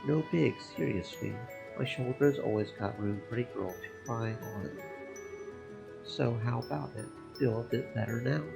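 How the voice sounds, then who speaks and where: A man reading Kevin, a gravelly flirting priest. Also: mid-range voice, moderate pace. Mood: friendly. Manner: teasing, easygoing banter. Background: game music.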